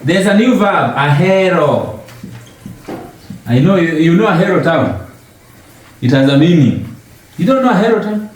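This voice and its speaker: A man's voice: a little high, sing-song, moderate pace, long pauses. A man giving an informal language lesson, patiently asking questions and repeating words for his learner. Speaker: language teacher. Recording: very echoey room.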